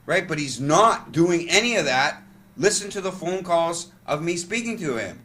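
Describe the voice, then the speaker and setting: Urgent, rambling man, bright voice. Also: on the high side, expressive. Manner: urgent, rambling, halting with many restarts. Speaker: vlogger. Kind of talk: impassioned monologue to camera.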